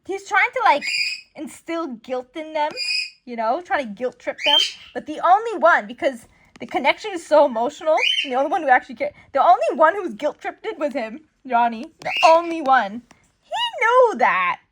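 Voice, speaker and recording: A woman giving slangy, animated commentary while reading a comic aloud, on a noisy recording. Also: high-pitched, fairly quick. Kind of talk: casual comic read-along commentary.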